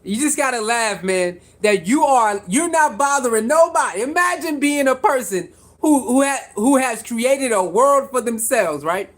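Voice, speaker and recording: Vlogger with a mid-range pitch riffing to camera in an animated, repetitive style, quizzing viewers and laughing between points. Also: measured pace, hardly any pauses. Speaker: sports commentary vlogger. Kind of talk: casual commentary to camera.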